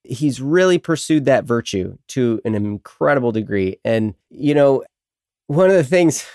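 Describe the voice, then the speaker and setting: A man co-hosting a casual faith talk show at a mid-range pitch. He talks reflectively and unhurriedly, filling gaps with "you know." His voice sits close and dry, with no room sound. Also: expressive, a little slow, a little mellow, no echo. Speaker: co-host.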